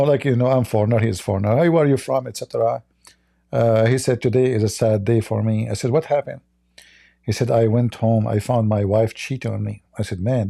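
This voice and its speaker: A man tells long, rambling stories in a casual livestream chat. His voice is dark and mellow, and he sits at a middling pitch. He talks loosely, full of fillers and restarts. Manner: rambling anecdotes with frequent fillers and laughter. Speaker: livestream host.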